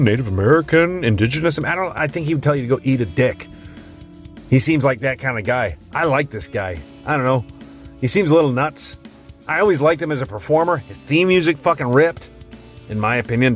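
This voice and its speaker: A man's voice: mid-range voice, fairly bright tone. Blunt, swearing man ranking wrestlers. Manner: blunt, rambling, swears constantly. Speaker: tier list host. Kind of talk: casual profane commentary.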